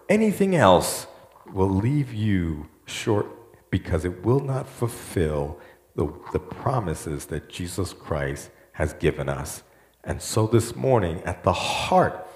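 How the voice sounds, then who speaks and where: Animated preaching man in a roomy hall. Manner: animated preaching, quoting voices with rising pitch. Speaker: pastor. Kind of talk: sermon.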